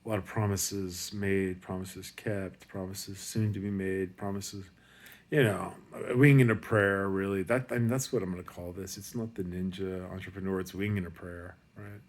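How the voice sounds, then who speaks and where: A man's voice: low-pitched, steady tone, normal speed. A man giving a rambling, profane pep talk in a casual monologue. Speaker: motivational speaker.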